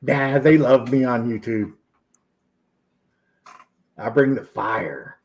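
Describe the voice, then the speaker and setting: A man hosting a casual online chat stream and cracking deadpan one-liners. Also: medium pitch, takes it slowly. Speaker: stream host.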